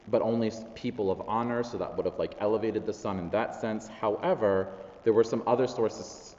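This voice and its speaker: A man's voice: lowish voice, darkish tone. Guy preaching casually, lots of ums, slightly dull sound, big echoey church. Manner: chatty, self-deprecating, many fillers. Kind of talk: conversational sermon. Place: large church hall.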